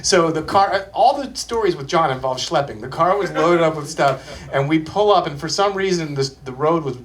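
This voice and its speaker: A man's voice: fairly high pitch, animated, normal speed, slight background noise. A man telling rambling anecdotes from a small club stage, hesitant and full of ums and restarts. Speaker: performer telling stories on stage.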